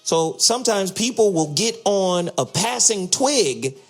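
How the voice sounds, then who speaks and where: Animated, profane talk show host. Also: male voice, high voice, a little slow, faint music behind. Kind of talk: casual radio talk.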